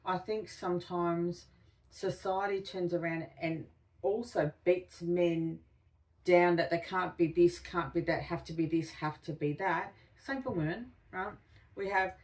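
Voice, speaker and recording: A woman co-hosting a podcast, reflecting slowly and thoughtfully in casual conversation. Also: lowish voice, steady tone, darkish tone, distant mic. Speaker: podcast co-host.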